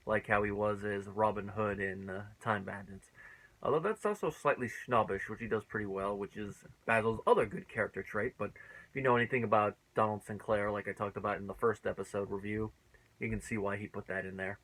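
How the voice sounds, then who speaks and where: A man with a lowish voice talks through a sitcom episode in a relaxed, conversational review. He is chatty, laughs easily and fills his pauses with "uh" as he works out what he thinks. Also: poor audio. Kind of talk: casual spoken review.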